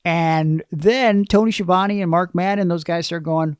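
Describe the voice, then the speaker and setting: A man's voice: fairly high pitch, unhurried, dry recording. A man hosting a casual podcast, recounting wrestling history at length with dry asides. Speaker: podcast host.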